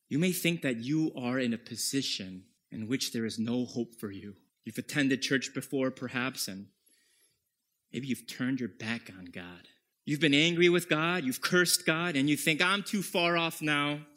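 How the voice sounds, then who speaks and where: A man preaching a sermon as pastor, emphatic and at times dropping to a hushed whisper. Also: mid-range voice, unhurried.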